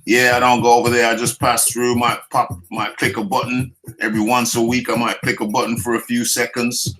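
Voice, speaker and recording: Bright-voiced British man chatting on a stream. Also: medium pitch, level tone, a little fast, hardly any pauses, faint music behind. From United Kingdom. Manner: jokey, teasing, chatty with viewers; laughs often, repeats phrases. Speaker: boxing talk show host. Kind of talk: casual live-stream chat.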